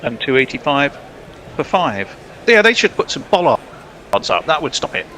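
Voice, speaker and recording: A man's voice: on the high side, very animated, normal speed, sharp tone, a little hiss or hum. A man doing ball-by-ball cricket commentary in a playful, joking way, often laughing. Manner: playful, laughing, jokey banter.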